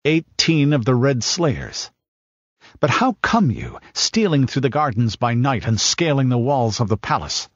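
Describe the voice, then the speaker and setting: A man's voice: mid-range voice, sing-song, unhurried, slightly rough, no echo, lo-fi sound, voice pushed up. A man voicing a proud, suspicious warrior king who speaks sternly in archaic phrasing.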